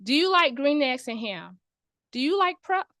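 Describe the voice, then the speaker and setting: A woman's voice: high voice, sing-song, normal speed, a bit bright, no room sound, clean studio sound, exaggerated voice. A woman putting on the voice of an eager, insistent character pushing an offer. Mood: pushy. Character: pushy eager salesman-like Sam character.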